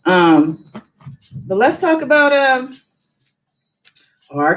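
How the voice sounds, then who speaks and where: A woman's voice: fairly low pitch, lively intonation, slow pace, long pauses, rough recording. A woman hosting a casual live stream, chatting and musing as she reads news aloud with her own asides.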